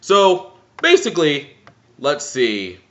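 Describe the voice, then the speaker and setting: A man's voice: a little high, huge pitch swings, slow, a bit bright. A man ranting sarcastically and profanely in a seated commentary vlog, filmed indoors on a camera mic. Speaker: vlogger. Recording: roomy, dull lo-fi sound.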